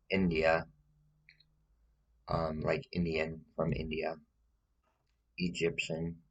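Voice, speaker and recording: In a deadpan comedic monologue, a man plays a rambling, confidently wrong woman who calls herself a witch and gives a tutorial. He hesitates with lots of fillers and keeps pushing "okay?" at the listener. His full character voice is rumbling and low with a breathy edge, and the audio is poor.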